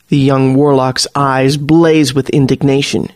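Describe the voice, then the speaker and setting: A man narrating a fantasy story podcast in a measured, deliberate storytelling manner. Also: a little high, no room sound, studio quality. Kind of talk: scripted narration.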